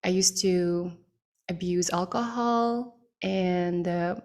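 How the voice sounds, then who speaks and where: A woman speaking slowly and thoughtfully as a podcast guest, with frequent ums and pauses. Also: on the low side, darkish tone. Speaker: podcast guest, mindset coach. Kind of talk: relaxed podcast conversation.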